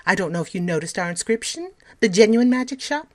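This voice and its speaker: A woman's voice: mid-range voice, lively intonation, quick pace, voice pushed up, close to an everyday voice. A woman voicing a polite, affable male magic-shop conjurer in a storybook reading, courteous and showy.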